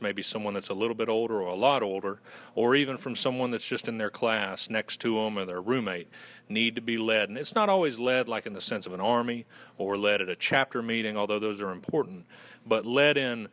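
A man's voice: lowish voice, fairly bright tone. A man from Western North Carolina with a Southern accent, answering interview questions in earnest, long flowing runs. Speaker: guest, fraternity communications director. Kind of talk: radio interview.

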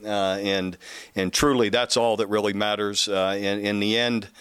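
A middle-aged man, a football coach, answering interview questions in an earnest, halting way. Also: lowish voice, flat delivery, fairly bright tone, clean tone, no room sound, clean studio sound.

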